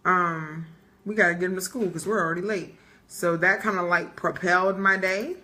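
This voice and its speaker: A woman's voice: lowish voice, fairly even intonation, moderate pace, pushed and bright. A young woman co-hosting a live-streamed chat show, loose and joking, swearing freely and laughing often. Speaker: podcast co-host.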